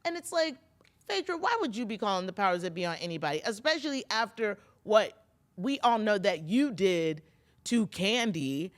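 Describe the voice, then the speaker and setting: Talking directly to her audience, a female pop culture podcaster gossips her way through a reality TV recap, sprinkling in plenty of fillers and side comments. She speaks at a moderate pace in a medium-pitched, sing-song voice.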